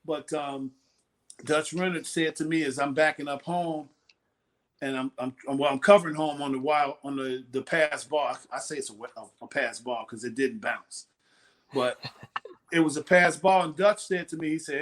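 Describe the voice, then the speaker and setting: This is a former pitcher in his sixties, appearing as an interview guest and spinning animated anecdotes in which he imitates the people he's quoting. The conversation is casual, and his slightly high voice moves at a normal speed.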